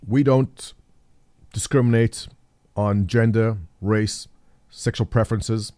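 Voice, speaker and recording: This middle-aged man runs a live stream, taking it slowly with a lowish, steady, mellow voice. His chat with viewers is rambling and jokey, mixing thinking aloud with reading the chat.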